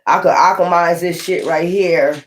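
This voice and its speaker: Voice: medium pitch, fairly even intonation, unhurried, fairly bright tone. Tarot reader doing a loose, profane reading with heavy slang and emphatic repetition, mid-range voice. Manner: rambling, profane, streetwise slang; emphatic, repeats points.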